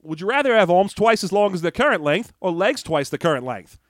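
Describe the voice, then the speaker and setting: A man hosting a loose, jokey chat and reading out listener questions. His voice sits a little high for a man, and the sound is dry and close to the mic. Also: very animated, brisk, dry recording. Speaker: podcast host. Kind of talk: casual chat.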